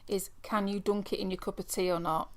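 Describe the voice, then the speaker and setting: A woman's voice: medium pitch, level tone, brisk, slight background noise. A British woman co-hosting a podcast, chatting casually and laughing along with her friend. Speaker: podcast co-host. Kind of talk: casual chat.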